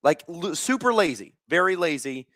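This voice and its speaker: A man's voice: on the high side, big pitch swings, moderate pace, a bit bright, no room sound, clean studio sound. A man in his thirties hosting a live hockey watch stream, telling stories in a rambling way with lots of fillers and restarts. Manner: talks while snacking. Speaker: stream host. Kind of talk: casual live-stream chat.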